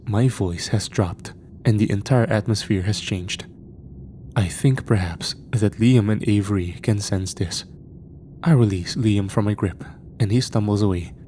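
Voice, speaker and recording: A man narrating a first-person horror story in a tense, measured way. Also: fairly low pitch, dark tone, slight background noise.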